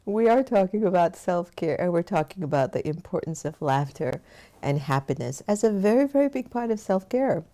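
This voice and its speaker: Low-voiced woman hosting, mellow and encouraging. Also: expressive, moderate pace. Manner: warm, encouraging, chatty. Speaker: host. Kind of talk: online talk show hosting.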